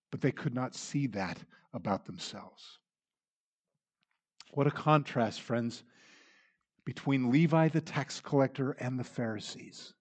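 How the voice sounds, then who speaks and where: A man preaching a sermon, dramatic in delivery, acting out the voices he quotes and swinging from loud to hushed. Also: on the high side.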